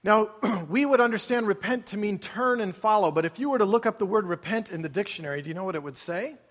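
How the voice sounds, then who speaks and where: High-voiced pastor preaching in a reverberant hall. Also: male voice, expressive, fast, fairly bright tone. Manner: conversational, asks the congregation questions. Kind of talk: sermon. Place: large church auditorium.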